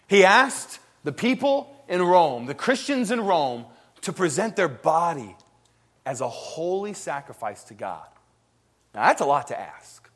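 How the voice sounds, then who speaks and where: Animated preacher, a man with a raised voice. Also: measured pace. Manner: swings between loud emphatic peaks and hushed low lines; animated, acts out quoted voices, laughs now and then. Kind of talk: sermon.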